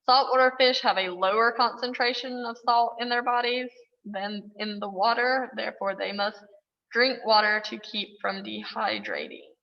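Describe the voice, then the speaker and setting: A woman's voice: on the high side, moderate pace, creaky, big-room sound, lo-fi sound. A woman teacher explaining fish biology in a classroom lecture, with occasional fillers.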